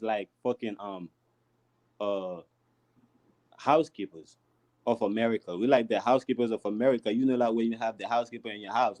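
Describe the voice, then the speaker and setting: A man's voice: mid-range voice, darkish tone, low-quality recording. A man speaking on a casual panel, rambling with many restarts and filler words. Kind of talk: casual chat.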